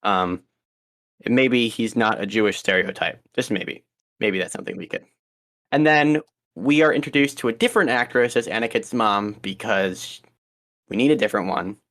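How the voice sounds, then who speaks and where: A man's voice: fairly low pitch, lively intonation, normal speed, a bit bright. A young man co-hosting a podcast, chatting casually and rambling with frequent ums and restarts. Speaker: podcast co-host. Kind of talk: casual chat.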